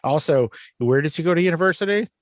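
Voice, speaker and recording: A man's voice: fairly high pitch, animated, no echo. Teasing male podcast host, dry sound. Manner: teasing, jokey, quick asides. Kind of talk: casual conversational interview.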